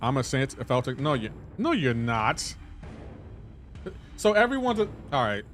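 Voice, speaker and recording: A man's voice: medium pitch, very animated, moderate pace, a bit bright, faint music behind. A man streaming a game live, chatting casually and playfully indignant as he banters with his chat.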